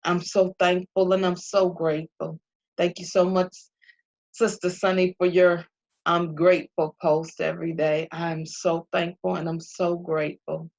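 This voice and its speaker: A woman's voice: fairly low pitch, flat delivery, a little slow, vocal fry, darkish tone. A middle-aged woman giving an emphatic, heartfelt faith talk to her viewers, repeating phrases with a preacher-like cadence. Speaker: faith vlogger. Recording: dull lo-fi recording.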